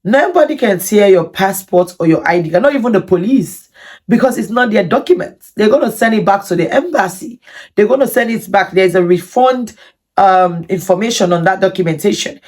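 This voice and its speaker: A woman vlogger telling a personal story to camera in an animated, indignant way, with many repetitions. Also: mid-range voice, brisk. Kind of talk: storytime vlog.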